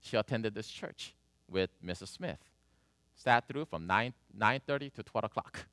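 A man preaching a sermon, telling a story with animated swings between loud and soft. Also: on the low side, a little slow, no room sound. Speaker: pastor.

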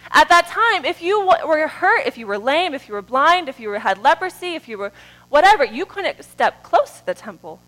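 A woman preaching a sermon in a church, moving between soft, drawn-out phrases and loud, rising calls. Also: high voice, big pitch swings, poor audio.

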